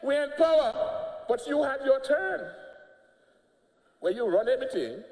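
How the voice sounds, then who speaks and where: In an echoey parliament chamber with long reverb, an older Antiguan-accented politician makes a combative, mocking speech punctuated by laughing jabs. His extremely high, darkish voice swings widely in pitch while keeping a measured pace.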